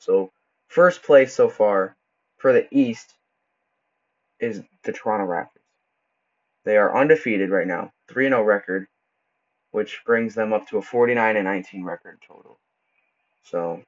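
A man hosting a casual solo podcast, talking loosely and stumbling over words as he goes, with relaxed slang. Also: on the low side. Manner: casual, stumbles and restarts often; laid-back slang like bro and dude. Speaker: podcast host. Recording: dull lo-fi recording.

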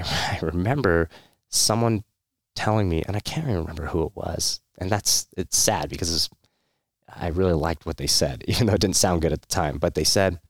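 A veteran of the military recounts his own story frankly, rambling along with plenty of fillers, false starts and short laughs. He has a low voice, and the studio recording is clean with no echo.

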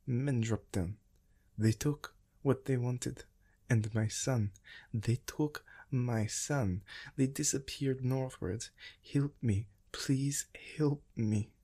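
A man voicing a desperate young mother who pleads in halting broken English. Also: mid-range voice, dark tone, pitched above the performer's own voice. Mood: pleading, distraught.

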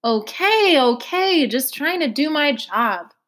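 A woman's voice: high voice, big pitch swings, takes it slowly, a bit bright, pitched above the performer's own voice, heavily acted. Brief: woman reader doing a flippant young cop, offhand and dry, read-along storybook. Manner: offhand, sarcastic. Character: brusque, careless young male cop. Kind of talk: reading a novel aloud.

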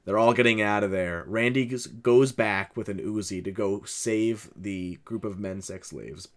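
A co-host of a casual movie podcast, retelling scenes with halting restarts. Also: deep voice. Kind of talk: casual chat about a movie.

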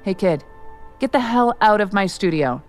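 A woman's voice: medium pitch, expressive, moderate pace, soft background music, lightly acted. A woman voicing a curt, cool-headed male record producer who gives clipped orders. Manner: blunt, clipped, commanding.

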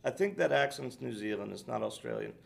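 A middle-aged American man co-hosting a podcast, with a gravelly edge to his mid-range voice. He wanders off on tangents and fills pauses with ums and uhs in relaxed, casual chat. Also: mid-range voice. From United States. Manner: rambling, tangent-prone, filler-heavy. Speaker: podcast co-host.

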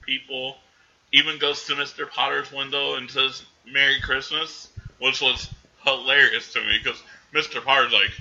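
A man casually recapping a movie in animated chat, jumping into the characters' voices now and then. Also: medium pitch, creaky, lo-fi sound. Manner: animated, acts out characters in quick bursts.

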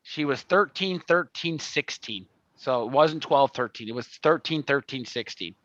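A man co-hosting a casual podcast over a video call, prone to loud, profane rants. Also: mid-range voice, animated, a little slow, no echo, dull audio. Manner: swearing rant, loud and exasperated. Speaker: podcast co-host. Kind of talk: casual chat. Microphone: home mic on a video call.

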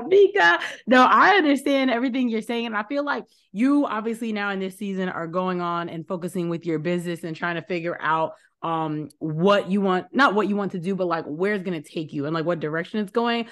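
A woman's voice: lowish voice, brisk, hardly any pauses. A woman hosting a podcast in casual chat, supportive and affirming, with frequent "like" fillers. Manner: supportive, many "yeah" and "like" fillers. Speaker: podcast host.

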